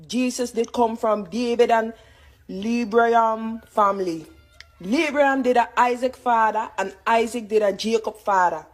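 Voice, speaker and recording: A woman reading scripture aloud in a deliberate, careful manner. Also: a little high, poor audio. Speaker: reader.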